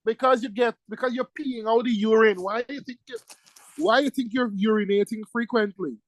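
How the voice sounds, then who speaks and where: Lively male teacher quizzing his class. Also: very high-pitched, fairly quick, dry recording, poor audio. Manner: lively, teasing, quizzes students with questions. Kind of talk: classroom lecture.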